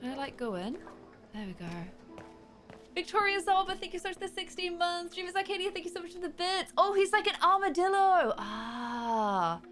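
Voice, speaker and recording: A young woman streamer giving animated, chatty let's play commentary. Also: very high-pitched, normal speed. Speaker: gaming streamer. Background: faint game music.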